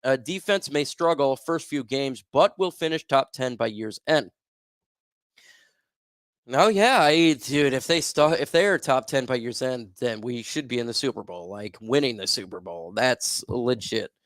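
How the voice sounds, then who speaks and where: A man's voice: medium pitch, lively intonation, unhurried, a bit bright, dry recording. Casual young man hosting a dry livestream. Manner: reads viewer comments aloud and reacts, loose and filler-heavy. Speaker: livestream host. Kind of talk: casual sports livestream chat.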